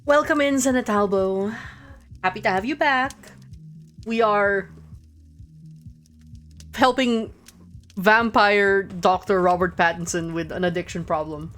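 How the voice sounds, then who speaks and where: A woman's voice: medium pitch, steady tone, measured pace, pauses often, fairly bright tone, faint music behind. A woman streaming a video game, giving casual, joking commentary and laughing often.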